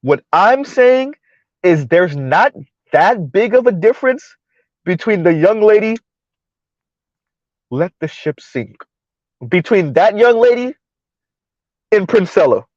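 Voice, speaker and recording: A high-pitched man hosts a casual commentary show. He talks bluntly and sarcastically and keeps rambling through restarts. The recording is dry and a little dull and lo-fi. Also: animated, measured pace, no room sound.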